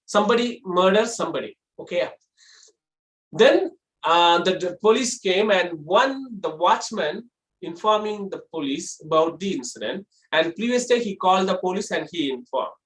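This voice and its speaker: A college lecturer giving a lecture on voice modulation, explaining step by step and demonstrating with exaggerated pitch shifts. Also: expressive, moderate pace. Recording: roomy echo.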